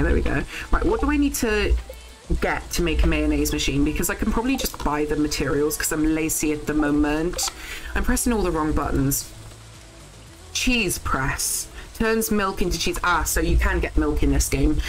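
A young woman, chatting casually while live-streaming a farming game, thinking out loud and swearing when things go wrong. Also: on the low side, rough recording.

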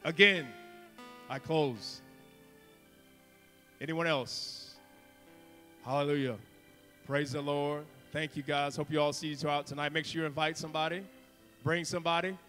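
A man preaching with fervor, his high voice ringing through a reverberant church hall. His tone is bright and forceful, dropping suddenly to hushed asides between loud exhortations. Soft guitar plays behind him. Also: level tone, normal speed, long pauses. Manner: fervent, preaching with sudden whispers and shouts. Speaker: guest preacher. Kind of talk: sermon altar call. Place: church sanctuary.

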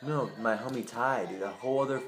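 A man's voice: medium pitch, a little fast, fairly bright tone, slight background noise. A young man from Boise telling a long, rambling story, loose and profane with plenty of slang. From Boise, Idaho. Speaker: vlogger telling a personal story.

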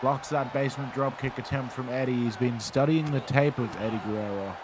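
A man calls the action in a wrestling video game in a loose, chatty way, stumbling over fillers and restarting his sentences. His pitch sits in the middle range. Steady background noise runs under the recording. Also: brisk, crowd noise. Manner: rambling, lots of fillers and restarts. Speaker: play-by-play commentator. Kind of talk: casual video game commentary.

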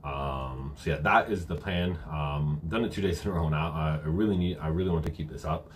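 Deep-voiced man answering a live chat. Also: fairly quick, a little hiss or hum. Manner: casual, many fillers, reads chat questions aloud. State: briefly out of breath. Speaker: fitness coach answering viewer questions. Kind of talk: live-stream Q&A. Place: home.

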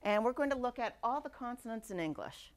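A woman giving a university lecture, lively and demonstrating speech sounds aloud. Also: a little high, fairly quick. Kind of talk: classroom lecture. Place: lecture hall.

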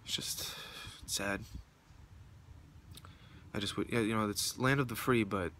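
A man's voice: fairly low pitch, steady tone, measured pace, fairly bright tone. Young man ranting outdoors, shivering. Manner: profane, rambling, heated. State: shivering from cold. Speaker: vlogger. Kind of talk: casual rambling rant to camera. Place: outdoors in the cold near traffic. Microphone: phone camera. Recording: noisy outdoor phone recording with traffic.

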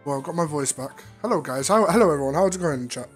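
Slightly hoarse man, rambling and teasing. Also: fairly high pitch, expressive, fast talker, faint music behind. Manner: playful, rambling and teasing, with sudden loud outbursts. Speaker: streamer. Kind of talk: casual VR chat while streaming. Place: online game, voice chat.

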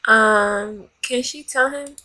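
High bright-voiced woman gaming host. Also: slow pace, slight background noise. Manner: dramatic, bossing and scolding the game characters. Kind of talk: let's play commentary. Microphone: desk USB microphone.

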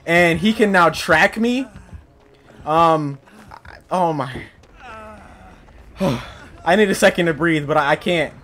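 A man giving let's play commentary, panicky and talking to himself, yelping and shouting for help. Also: on the high side, takes it slowly, long pauses. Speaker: gaming video creator.

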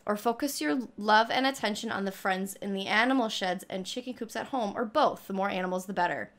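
A woman's voice: mid-range voice, fairly quick. A young woman reacting to a trailer and reading it aloud, gushing and a little out of breath. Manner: gushing, squealing with excitement. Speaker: gaming YouTuber reacting to a trailer.

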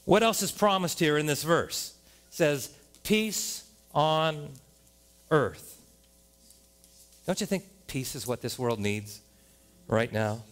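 A man with an American accent preaching a sermon as a pastor in a church, animated, often rising to loud exclamations and playful rhymes. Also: mid-range voice, normal speed. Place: church sanctuary.

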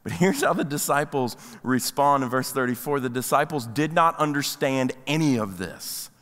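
A man preaching a sermon as a pastor, animated, and acting out the voices of people in the story. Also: medium pitch, moderate pace. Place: church sanctuary. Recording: church hall reverb.

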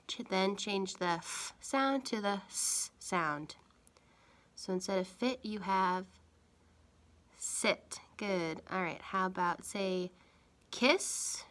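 A young adult woman teaching a phonics lesson to young children, speaking clearly and encouragingly. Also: mid-range voice, a bit bright.

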